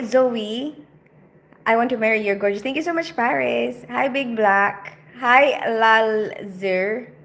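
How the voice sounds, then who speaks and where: A woman's voice: sits high, a bit bright. A woman from the Philippines with a mixed Filipino and British accent, hosting a livestream, chatting casually as she reads viewers' comments and laughing often. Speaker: livestream host. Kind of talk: casual live chat reading comments. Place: home, lit for camera.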